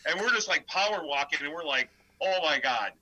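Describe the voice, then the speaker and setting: Heard through a low-quality recording, his voice runs a little high and a little fast. He's a death metal vocalist and guitarist from the U.S. Midwest, a podcast guest telling rambling stories in a casual interview, animated in manner and leaning on lots of filler words.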